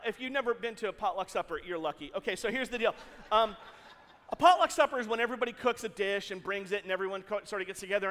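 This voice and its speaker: A man pastor telling a story in an animated, jokey way to his congregation in a church hall. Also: high-pitched. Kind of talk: sermon storytelling.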